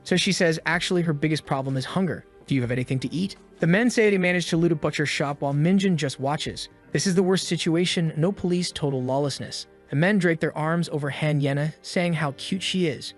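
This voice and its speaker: A man's voice: a little high, brisk, few pauses. A man narrating a comic story recap, with snarky asides. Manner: snarky and commenting. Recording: faint music behind.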